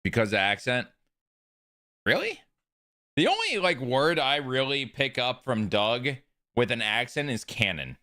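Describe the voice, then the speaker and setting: A man's voice: medium pitch, sing-song, moderate pace, sharp tone. A man live streaming a video game, chatting with his viewers in a casual, joking way and swearing freely. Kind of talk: live stream chat while gaming.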